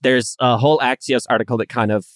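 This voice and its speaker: Animated podcast co-host, dry close sound. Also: medium pitch, fast, dry recording. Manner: animated, acts out quoted chatbot lines. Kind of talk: casual chat.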